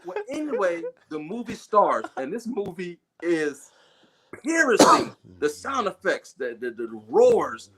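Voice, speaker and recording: A middle-aged man telling a movie story on a casual livestream, animated and full of swearing. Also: sits high, takes it slowly, noisy background. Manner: animated, profane, acts out voices. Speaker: guest storyteller.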